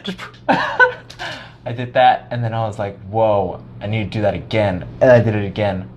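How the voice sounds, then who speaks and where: A young man telling a high school story in casual chat, animated, swearing often and acting out his past self. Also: normal speed, muffled recording, a little hiss or hum.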